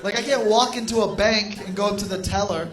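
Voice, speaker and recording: A man doing a stand-up routine on a club stage, telling a breakup story with deadpan mock dialogue. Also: high-pitched, fairly quick. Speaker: stand-up comedian. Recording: echoey live club with crowd.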